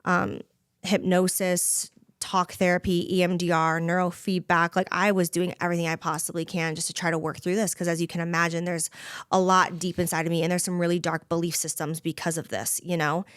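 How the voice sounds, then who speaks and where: A woman's voice: on the low side, flat delivery, a little fast, a bit bright, smooth, no room sound, studio quality. A woman in her thirties, a podcast guest talking candidly and earnestly. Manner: earnest, heartfelt, frequent "you know" fillers. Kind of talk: candid conversation.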